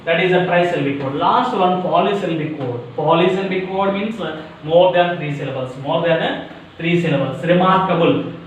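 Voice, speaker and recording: A man with an Indian English accent teaching a lesson on syllables, repeating words and breaking them into parts, often asking if it is clear. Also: on the high side, fairly quick. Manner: repetitive, drills words syllable by syllable, asks "is it clear?". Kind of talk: classroom lecture on syllables. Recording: very echoey room, mic at a distance, faint noise.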